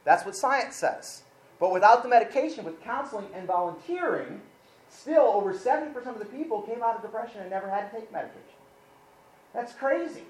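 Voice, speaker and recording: A man's voice: high voice, poor audio. A middle-aged male pastor preaching a sermon, telling a personal story and acting out his own side of the conversation. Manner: animated storytelling preacher, acts out his own inner dialogue.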